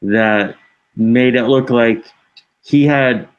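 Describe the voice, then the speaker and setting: A man's voice: medium pitch, very slow, smooth, lo-fi sound. Laid-back man in casual banter. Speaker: podcast co-host. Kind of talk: casual chat.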